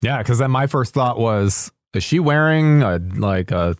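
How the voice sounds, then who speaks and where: A man's voice: medium pitch, animated, a little slow, no room sound, clean studio sound. A man co-hosting a podcast, chatting casually about a movie, rambling and swearing now and then. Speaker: podcast co-host.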